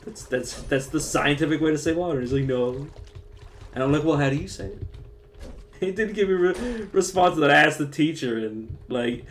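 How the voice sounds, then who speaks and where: A man's voice: fairly high pitch, animated, normal speed, a little hiss or hum. Profane rambling young man streaming. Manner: profane, rambling, lots of fillers and restarts. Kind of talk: casual rambling chat while gaming.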